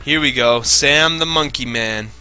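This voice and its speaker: A man's voice: medium pitch, a little slow, bright, forceful tone, clear, resonant tone, soft background music. A slightly tipsy man chatting casually while streaming a game, rambling, swearing and laughing. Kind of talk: casual chat while gaming.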